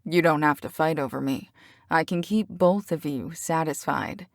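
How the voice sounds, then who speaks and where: A woman's voice: deep voice, moderate pace, no room sound, studio quality. A woman voicing a cocky teasing bad boy. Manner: teasing, smooth, full of innuendo. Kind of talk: audiobook character reading.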